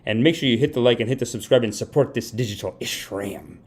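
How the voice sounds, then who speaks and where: A man hosts a live comedy podcast from home, spinning rambling, mock-earnest stories and praising himself. He talks at a quick pace in a mid-range voice.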